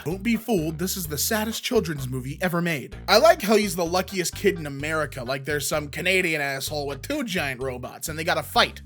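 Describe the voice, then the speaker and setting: A man reading online posts aloud as a comedy host, joking, shouting punchlines and doing quick silly voices. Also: a little high, animated, faint music behind.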